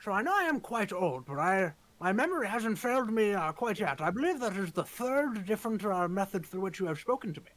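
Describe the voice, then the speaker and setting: A man voicing an old male leader of dragon hunters, earnest and weary, speaking in a halting, grave, formal way. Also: high-pitched, big pitch swings, a bit bright, voice pushed up, rough recording. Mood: genial. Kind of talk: role-playing a tabletop game character.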